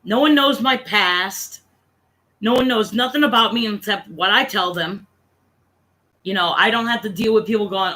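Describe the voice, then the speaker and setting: Bright-voiced profane woman venting. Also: medium pitch, normal speed. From Connecticut, USA. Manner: profane, rambling, exasperated. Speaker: livestream host. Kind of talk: casual venting chat.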